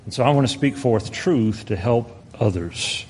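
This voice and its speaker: A man preaching a sermon, earnest, slowing down to stress his points and reading scripture aloud. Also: medium pitch, expressive, darkish tone, breathy edge.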